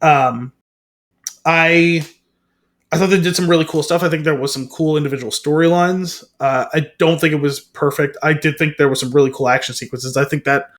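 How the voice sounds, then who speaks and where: A man's voice: a little high, steady tone, normal speed, a bit bright. A man co-hosting a podcast in casual chat, rambling and hedging with lots of fillers. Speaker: podcast co-host.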